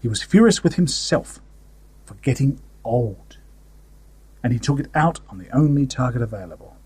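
A man's voice: mid-range voice, animated, normal speed, a little mellow, slightly rough, no echo. A man reading a story aloud in a wry, conversational first-person manner. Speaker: story narrator. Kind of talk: audiobook fiction reading.

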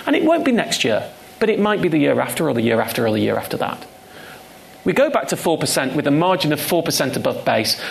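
A man's voice: mid-range voice, creaky. A man speaking as a guest at a live on-stage conversation, emphatic and repeating key points for stress. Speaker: guest speaker, consumer finance campaigner.

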